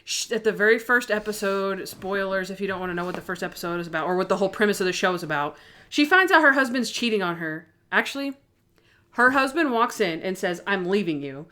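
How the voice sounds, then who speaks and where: This podcast co-host talks fast in a mid-range voice, chatting casually as she recounts TV scenes with gusto. She performs the characters' quoted lines and laughs as she goes.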